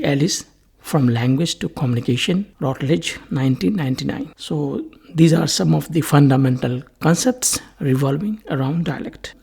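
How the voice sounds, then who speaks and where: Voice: medium pitch, vocal fry, breathy edge. A lecturer giving a recorded English lesson, explaining steadily and restating each point as a list of near-synonyms. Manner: steady, explanatory teaching delivery.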